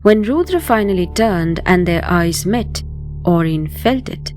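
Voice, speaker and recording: Measured woman narrating a thriller. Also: on the low side, expressive, darkish tone, faint music behind. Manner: measured, descriptive. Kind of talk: scripted audio drama narration.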